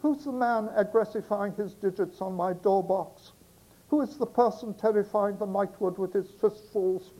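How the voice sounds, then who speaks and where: Man reading as coy young maiden, high girlish put-on voice, comic poem. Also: normal speed, warm tone, poor audio. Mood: coy alarm.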